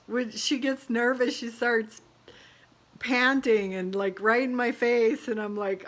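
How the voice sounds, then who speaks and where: A woman's voice: fairly high pitch, steady tone, slow, fairly bright tone. A middle-aged woman talking casually to her phone camera during a home remodel, tired and burnt out, rambling with frequent laughs and exasperated asides. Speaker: realtor remodeling her own house. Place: house under renovation, indoors. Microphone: phone camera held by speaker.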